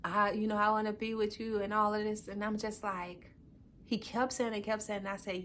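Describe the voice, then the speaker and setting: Animated woman telling a story. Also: medium pitch, normal speed, a little hiss or hum. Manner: animated, acts out quoted dialogue, frequent "I'm like". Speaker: podcast co-host. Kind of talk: casual storytelling.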